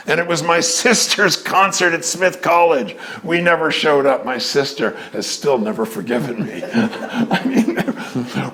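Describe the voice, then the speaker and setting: An older man in a casual storytelling talk, animated, often acting out the people in his stories. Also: fairly high pitch. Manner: animated, acts out voices in quotes.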